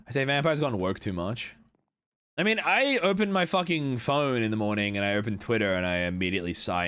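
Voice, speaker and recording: A man's voice: mid-range voice, animated, fairly quick, fairly bright tone, smooth. A young man live-streaming a game, chatting casually with his viewers, swearing freely and rambling between jokes. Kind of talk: casual live-stream chat while gaming.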